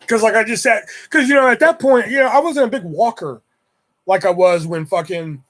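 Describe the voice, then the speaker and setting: A man's voice: sits high, normal speed, fairly bright tone. A man telling a long rambling story on his vlog, swearing constantly and acting out the voices of his friends. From Houston area. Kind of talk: casual storytelling.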